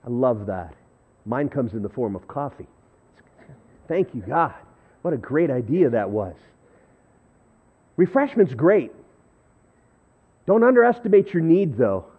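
A man preaching a sermon, telling a story in a conversational, self-deprecating way and swinging between loud and hushed. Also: medium pitch, big pitch swings, measured pace, long pauses, breathy edge. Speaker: pastor. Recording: thin phone-like audio.

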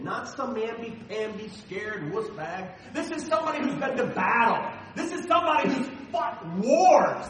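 High-voiced man preaching in an echoey hall. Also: far from the mic, a little hiss or hum. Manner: emphatic preaching, swinging between loud stresses and soft asides. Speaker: pastor. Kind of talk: sermon. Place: church sanctuary.

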